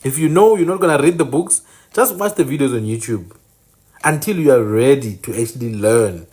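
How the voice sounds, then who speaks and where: A man's voice: medium pitch, animated, normal speed, darkish tone, breathy edge. Insistent man teaching. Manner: emphatic, corrects names insistently and repeats them. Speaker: channel host teaching indigenous place names. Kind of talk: informal teaching monologue.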